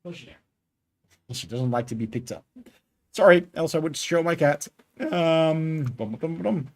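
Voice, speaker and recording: A man's voice: fairly high pitch, expressive, moderate pace, darkish tone. A man streaming his game development work, chatting casually and thinking aloud with many fillers. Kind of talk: casual live coding stream.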